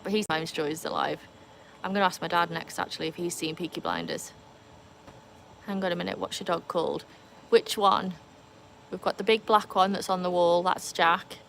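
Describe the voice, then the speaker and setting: A woman's voice: on the low side, fairly even intonation, moderate pace, vocal fry, a bit bright, a little hiss or hum. A woman with a Welsh accent hosts a casual livestream outdoors by a pool, chatting to viewers and reading their comments over a phone. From Wales. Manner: chatty, reads and answers comments. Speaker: livestream host. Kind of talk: casual live chat.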